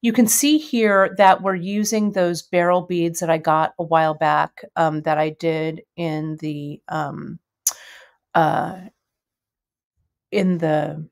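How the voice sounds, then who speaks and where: A middle-aged woman hosting a live jewelry-making stream, chatting with viewers in a friendly, rambling way full of fillers. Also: lowish voice. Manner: chatty, warm greetings to viewers, many fillers. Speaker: bead shop host. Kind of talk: casual live-stream chat and jewelry demo.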